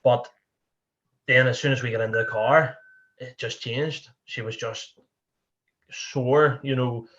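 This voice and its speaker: A man's voice: medium pitch, fairly even intonation, takes it slowly, long pauses, fairly bright tone, highs cut off, slight background noise. A young man with a Northern Irish accent, a podcast guest telling a candid personal story in a rambling way, full of "you know" and restarts.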